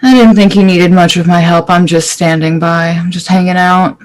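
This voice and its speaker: A sassy young vampire woman, played by a man at a game table, dry and unbothered. The voice sits slightly high and stays calm. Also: normal speed, close to an everyday voice, low-quality recording.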